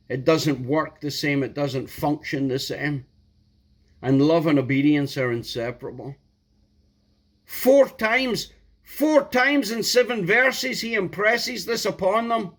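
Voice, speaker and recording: A man preaching a sermon, emphatic, repeating key words and building to loud outbursts. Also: fairly high pitch, lively intonation, takes it slowly.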